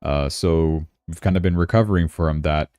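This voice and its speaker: A man's voice: extremely low pitch, steady tone, normal speed, darkish tone, clear, resonant tone, dry recording, clean studio sound. A man hosting a casual crypto livestream, chatting and thinking aloud as he checks his charts, sounding tired. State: yawning, tired.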